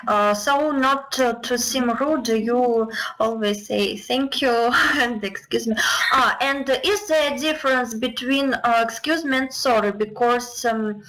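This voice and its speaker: Lady interviewer, english not her first language, slow and hesitant, kinda high voice. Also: fairly bright tone, a little hiss or hum, poor audio. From Russia. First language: Russian. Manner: hesitant, many uh and mm fillers, slow careful questions. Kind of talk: interview questions.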